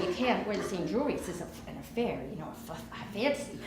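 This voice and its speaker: A woman's voice: mid-range voice, expressive, a little fast, few pauses. Brassy middle-aged woman on stage. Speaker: solo comedian. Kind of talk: one-woman stage monologue. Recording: roomy live stage, audible noise.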